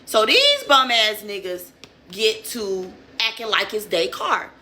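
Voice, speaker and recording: Bright-voiced profane woman storyteller. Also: medium pitch, takes it slowly, a little hiss or hum. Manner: animated, profane, streetwise slang. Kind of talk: casual storytelling.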